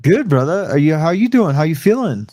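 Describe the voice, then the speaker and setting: A man's voice: fairly high pitch, very animated, brisk, mellow. A man co-hosting a live chat, easygoing, with short friendly interjections.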